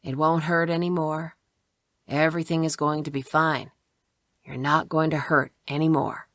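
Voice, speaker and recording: Lady reading as a calm guy, soft mystical soothing voice, low and dry. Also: normal speed, no echo. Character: calm man soothing a woman in labor.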